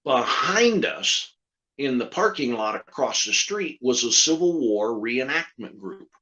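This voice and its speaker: A ventriloquist telling a comic story in a chat, a lively storyteller who repeats lines for effect. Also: male voice, mid-range voice, measured pace. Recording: slightly dull lo-fi audio.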